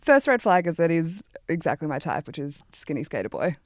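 A young woman, telling a chaotic dating story on a podcast, fast and laughing at herself. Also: low voice, sing-song. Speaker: podcast guest. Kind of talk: casual storytelling chat.

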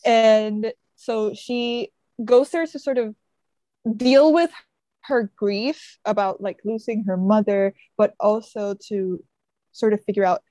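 A woman's voice: mid-range voice, steady tone, slow pace, warm tone, no echo. A woman podcast co-host retelling a book plot in casual chat, full of "like" and "sort of" fillers. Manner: chatty, frequent fillers like "sort of" and "like".

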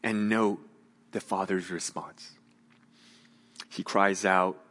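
A man preaching a sermon as a pastor, earnest, moving between raised emphasis and hushed, gentle appeals. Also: deep voice, level tone, slow, long pauses, long reverb tail.

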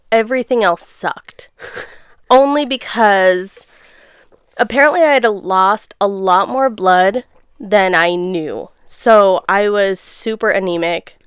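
A young woman recounting her experience in a relaxed, animated chat. Her voice is smooth and clear at a middle pitch. The sound is dry and close. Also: dry recording. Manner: chatty, laughing, animated storytelling. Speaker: guest sharing birth story. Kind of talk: casual chat.

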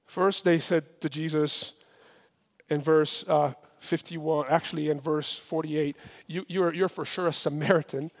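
A man preaching a sermon, lively and emphatic, acting out the dialogue of scripture with rising intensity. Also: fairly high pitch, measured pace. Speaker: pastor. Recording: long hall reverb.

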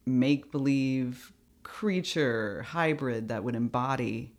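A woman co-hosting a podcast speaks at an unhurried pace in loose, casual chat. She laughs easily and leans into quoted passages with relish. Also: a bass voice. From United States. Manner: chatty, laughs often, reads quotes aloud with emphasis. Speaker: podcast co-host.

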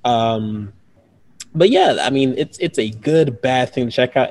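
Guy rambling about movies on a podcast, super lively voice, laughs a lot. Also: medium pitch, measured pace. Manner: rambling, animated, laughs often. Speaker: podcast co-host. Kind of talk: casual movie review chat.

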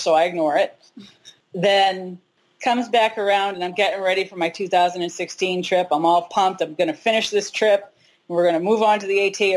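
Over poor audio, a woman in her forties with a low-leaning voice chats openly about a personal story. She's a hiker being interviewed, and her humor is self-deprecating.

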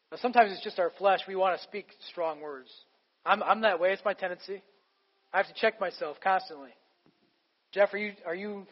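In a slightly muffled recording, a high-voiced male pastor preaches a sermon, emphatic but relaxed and conversational. His voice trails with the long reverb of a large hall.

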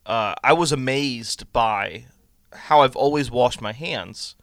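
A man's voice: mid-range voice, fairly bright tone, no room sound, clean studio sound. A man with a Southern US accent who holds his vowels long, chatting casually as a pastor co-hosting a podcast on a podcast microphone. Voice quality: drawn-out, held vowels. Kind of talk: casual chat.

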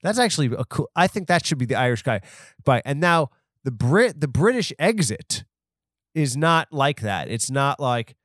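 A man's voice: fairly high pitch, animated, moderate pace, dry recording, clean studio sound. A man hosting a podcast, rambling through an off-the-cuff comedic story and mocking himself as he goes. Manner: self-deprecating, rambling, off the cuff. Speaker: podcast host.

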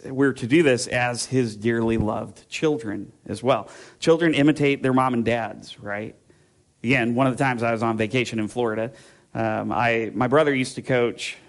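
A man's voice: on the low side, gravelly. A man pastor giving a conversational sermon, rambling through personal stories with fillers and restarts before turning to scripture. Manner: casual, rambling storytelling with fillers and self-interruptions.

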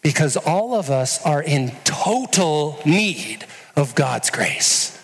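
Male pastor, sermon, earnest, unhurried delivery, long echo of a big hall. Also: fairly high pitch, very animated, a bit bright, breathy edge. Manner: earnest, questioning the listeners directly.

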